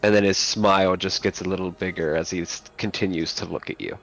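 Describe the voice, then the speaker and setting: A man running a tabletop game as game master, narrating slowly and dramatically and dropping low and quiet for tension. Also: fairly even intonation, gravelly, soft background music.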